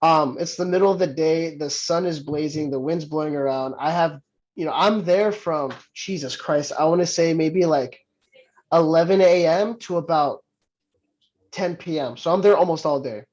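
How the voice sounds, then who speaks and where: Man, wrestler guest, casual storytelling, animated, quick laughs, higher voice, lo-fi muffled audio. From Southern California. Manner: animated, laughs often, many restarts. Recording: muffled lo-fi sound.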